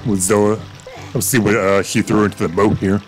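A man's voice: lowish voice, level tone, a little fast, soft background music. A man giving casual, rambling commentary while playing a video game, swearing now and then. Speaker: gaming video creator. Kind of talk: casual let's-play commentary.

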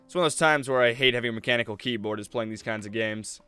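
A man's voice: medium pitch, quick pace, hardly any pauses, sharp tone, clear, resonant tone, faint music behind. A young man giving jokey, casual commentary while playing a horror game and reading its text aloud. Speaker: let's play host.

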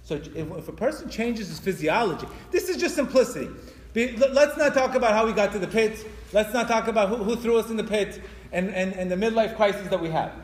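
High-voiced man lecturing in echoey hall. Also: fairly quick. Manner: animated, stammering restarts, acts out quoted voices. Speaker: religious teacher. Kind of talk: spiritual lecture to an audience. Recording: echoey hall with long reverb.

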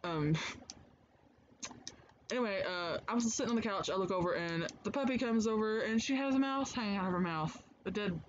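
A man's voice: high-pitched, fairly quick. A man hosting a let's play from home, chatting loosely and swearing freely as he comments on the game. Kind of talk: casual gameplay commentary. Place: home, indoors. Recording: dull lo-fi mic with clear noise.

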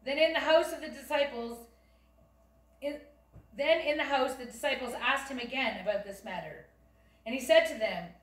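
A woman reading scripture aloud in a church, careful and steady, sometimes stumbling and restarting a word. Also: a little high. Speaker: lay reader. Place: church sanctuary. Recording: echoey church from a distance.

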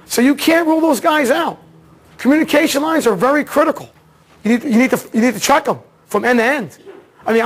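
Very high-voiced excitable male instructor. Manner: excitable storytelling, acts out dialogue; casual slangy talk, repeats words. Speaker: automotive diagnostics instructor. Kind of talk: seminar lecture.

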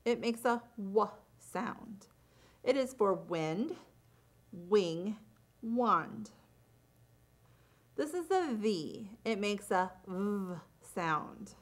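A woman teaching letter sounds to children with slow, clearly enunciated, drawn-out words. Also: mid-range voice, expressive. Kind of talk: slow, deliberate phonics instruction.

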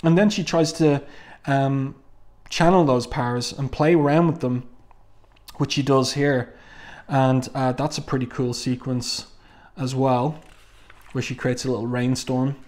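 A man's voice: mid-range voice, fairly even intonation, measured pace, pauses often, a little mellow. A man casually reviewing a comic book and reading panels aloud, musing with frequent ums and restarts.

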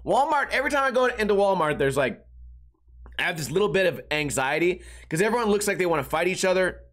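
A man's voice: high voice, sing-song, quick pace, a bit bright. A man hosting a solo podcast, telling rambling everyday stories with lots of swearing and acting out the people he quotes. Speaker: podcast host. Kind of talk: casual solo storytelling monologue.

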